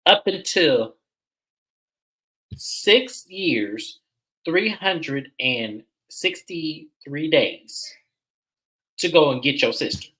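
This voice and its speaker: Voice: mid-range voice, bright, forceful tone, rough recording. A host recapping a reality show episode in casual, opinionated commentary, repeating points for emphasis.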